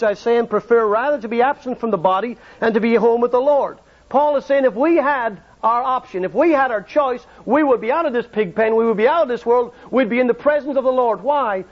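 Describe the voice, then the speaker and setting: High-voiced man preaching on a dull recording. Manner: storytelling, rhetorical questions. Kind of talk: evangelistic sermon.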